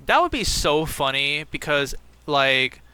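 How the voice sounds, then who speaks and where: A man's voice: a little high, sing-song, unhurried, pushed and bright, slight background noise. A man co-hosting a casual gaming podcast, chatting enthusiastically about movies and hedging his points. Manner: enthusiastic, chatty, hedges with "like" and "I mean". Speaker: podcast co-host.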